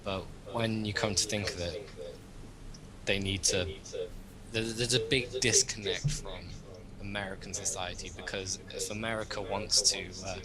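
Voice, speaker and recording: Rambling young man, loud crowd behind. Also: lowish voice, steady tone, moderate pace, poor audio. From Britain. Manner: rambling, opinionated, thinks aloud. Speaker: host. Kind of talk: casual political chat.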